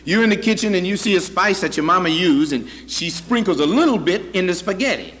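A man with a high voice preaches to his congregation, hammering his points home through repetition. The sermon echoes with a long reverb through a large church hall. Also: expressive, fairly quick, fairly bright tone. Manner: emphatic, repetitive, addresses the congregation directly.

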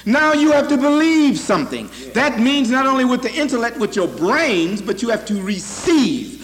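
A man's voice: very high voice, very animated, moderate pace, a bit bright, long reverb tail, slight background noise. A male preacher giving an emphatic, repetitive sermon, speaking directly to his congregation in a church.

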